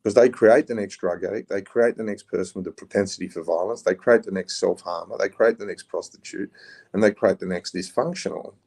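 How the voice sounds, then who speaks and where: A middle-aged man with an Australian accent, blunt and rough-spoken, telling prison stories in a casual interview. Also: sits low, a little fast, a little mellow. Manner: blunt, rough-spoken storyteller, swears, says "mate". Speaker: podcast guest, former prisoner.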